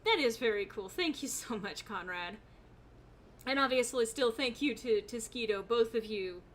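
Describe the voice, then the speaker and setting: A woman's voice: on the high side, animated, moderate pace, a bit bright, a little hiss or hum. A young woman streaming a game, chatting casually, laughing often and reading chat aloud in a rambling way. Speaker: gaming streamer.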